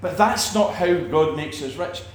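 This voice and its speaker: A man teaching about faith in a relaxed talk, animated, acting out quoted people and restarting his sentences often. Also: on the high side, unhurried, reverberant, a little hiss or hum. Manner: animated, acts out quoted preachers, many restarts. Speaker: preacher.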